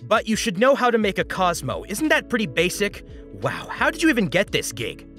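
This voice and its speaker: A snooty middle-aged woman voiced high and sneering, as a male narrator puts her on. She talks down with incredulous disdain, her pitch climbing in a lively, swooping way. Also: brisk, faint music behind, heavily acted. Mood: condescending. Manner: condescending, incredulous. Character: rude condescending middle-aged woman at a party.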